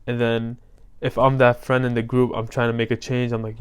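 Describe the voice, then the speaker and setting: A man's voice: medium pitch, little pitch movement, fairly quick, clean tone. A young man giving a casual motivational vlog talk as a self-improvement coach, loose and slangy, with lots of fillers.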